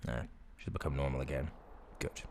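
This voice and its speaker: A man's voice: a bass voice, steady tone, fairly quick, creaky, a little hiss or hum. A man doing playful let's play commentary, reading game text aloud and laughing at himself, close to the mic. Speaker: gaming YouTuber. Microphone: mic in front of face. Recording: game music behind.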